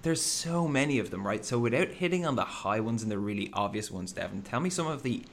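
A man's voice: mid-range voice, lively intonation, a little fast, a little hiss or hum. A man hosting a conversation, asking questions and often tagging them with "right?". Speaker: host. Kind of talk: conversational interviewing.

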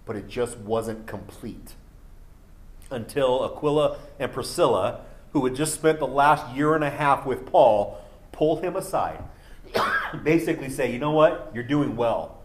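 Male pastor, sermon, earnest, emphatic peaks, mid-pitched, coughing. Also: expressive, measured pace.

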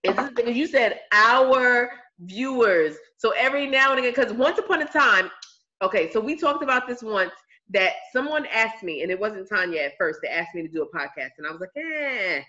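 A woman's voice: medium pitch, sharp tone. Chatty woman podcast host, dull sound. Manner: chatty, teasing, drawn-out storytelling. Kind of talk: casual podcast chat.

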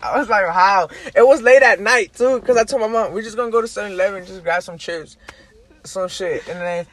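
Young man, high voice, animated slangy storyteller, casual chat. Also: a little fast. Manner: animated storyteller, heavy slang and profanity, acts out quotes.

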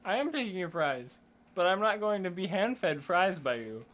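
A man's voice: high-pitched, big pitch swings, normal speed, fairly bright tone. A young man co-hosting a podcast, teasing his friends in tipsy casual banter. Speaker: podcast co-host. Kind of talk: casual chat.

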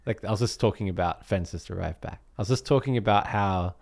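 A man with an Australian accent co-hosts a podcast, chatting casually about making music and rambling a little, relaxed and full of fillers. His lowish voice is fast with vocal fry.

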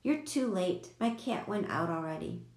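A woman's voice: mid-range voice, expressive, moderate pace, a little mellow, close to an everyday voice. A woman reading aloud, voicing a blunt, food-loving young boy. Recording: echoey room.

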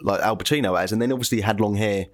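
A British man co-hosting a podcast, chatting casually and telling a travel story, laughing often. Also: rapid-fire. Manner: chatty storyteller, laughs often, pitch jumps up when amused. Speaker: podcast co-host. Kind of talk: casual chat.

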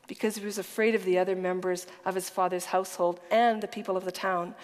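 A woman's voice: mid-range voice, fairly even intonation, quick pace, few pauses. Woman preacher, earnest and emphatic sermon delivery, occasional whispers, long hall reverb. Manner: earnest, emphatic storytelling, dropping to a whisper at times.

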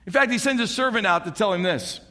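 A man preaching a sermon in an animated, conversational way, with frequent rhetorical questions to the congregation. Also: sits high, fast talker, in a large hall.

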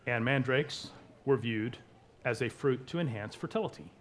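A man preaching a sermon, emphatic, with wide swings between soft and loud. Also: medium pitch, normal speed, a little hiss or hum. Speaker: pastor.

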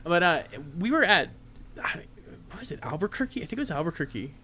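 A man telling convention stories on a casual podcast, animated and often laughing. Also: high-pitched, brisk. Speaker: convention guest. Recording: noisy podcast recording.

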